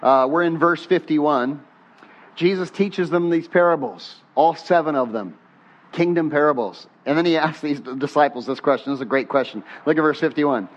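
A male pastor preaches in a conversational way and has his congregation repeat lines after him. His voice sits a little high, jumps up on questions and falls quiet when he prays. The recording sounds muffled and dull. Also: moderate pace. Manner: animated, rising on questions, drops soft on prayers. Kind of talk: sermon.

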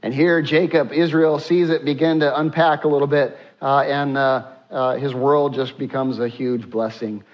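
A man preaching a sermon to his church, with frequent filler sounds and hushed acted-out prayers. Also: medium pitch, steady tone, moderate pace, few pauses, dull audio. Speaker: pastor.

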